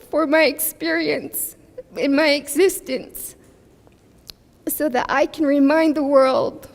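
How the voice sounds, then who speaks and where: A young woman speaking at a press conference as a community advocate, emotional and halting, pausing with nervous laughs and fillers. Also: high-pitched. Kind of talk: emotional public speech. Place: press conference in a large hall. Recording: long hall reverb.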